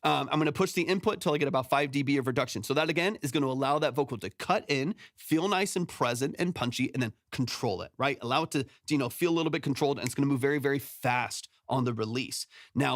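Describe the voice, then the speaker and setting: Rapid and barely pausing, a medium-pitched man with lively intonation rambles over mix feedback during a home-studio livestream. He's a producer from San Antonio, Texas who keeps correcting himself and tagging on "right?", heard dry through a close, compressed studio microphone.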